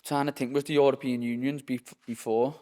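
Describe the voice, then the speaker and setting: A man's voice: medium pitch, little pitch movement, a little fast, dark tone. A young man with a Liverpool accent, a professional boxer chatting as a guest in a rambling, sweary way and saying "lad" constantly. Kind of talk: casual interview chat. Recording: long hall reverb.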